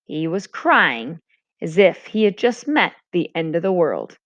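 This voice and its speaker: A woman, a teacher, reading a novel aloud to a class with a brisk, expressive delivery. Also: fairly low pitch. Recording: dull lo-fi recording.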